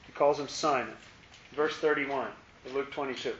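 A man's voice: mid-range voice, steady tone, moderate pace, fairly bright tone, slight background noise. A man leading a Bible study in a conversational way, repeating words and asking his listeners questions. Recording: echoey room, muffled lo-fi sound.

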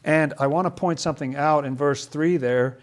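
Guy running a bible study, kinda higher voice, asks lots of questions. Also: moderate pace. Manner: questioning, thinking aloud. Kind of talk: casual Bible study discussion.

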